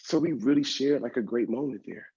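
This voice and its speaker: A man delivers a motivational keynote with animated, conversational storytelling and speaks directly to his listeners. His voice sounds slightly husky at a middling pitch. The recording is dull and lo-fi. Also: fairly quick. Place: event stage.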